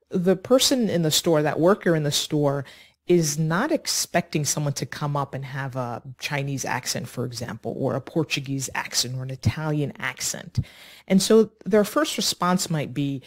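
A woman teaching an online English lesson, speaking slowly and clearly in an encouraging way. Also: low voice. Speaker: ESL teacher.

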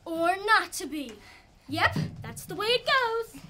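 A teenage girl plays a gushing stage diva, affected and grand, in a very high voice that swoops through its lines. Clear hiss sits under the recording. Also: sing-song, slow pace, pushed and bright, full character voice. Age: teens. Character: grand theatrical leading lady, gushing diva.

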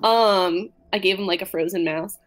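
A woman's voice: mid-range voice, normal speed. A young woman guesting on a podcast, chatting casually with lots of fillers and giggles over a video call. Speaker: podcast guest, makeup creator. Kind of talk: casual chat.

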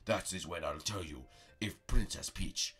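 A man's voice: deep voice, unhurried, fairly bright tone, slightly rough, pitched below the performer's own voice, exaggerated voice. A man voicing a pompous old male mystic master who speaks in a grand, archaic way in a role-play comedy. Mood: solemn.

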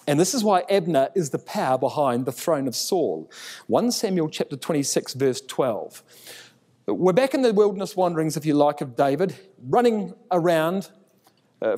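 Animated Bible teacher in a reverberant hall. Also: male voice, on the high side. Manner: animated, acts out biblical dialogue in raised voice.

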